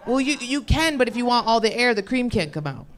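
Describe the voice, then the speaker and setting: A woman's voice: a little high, very animated, a little fast. A woman stand-up comedian doing crowd work on a club stage, brash and laughing, swearing freely.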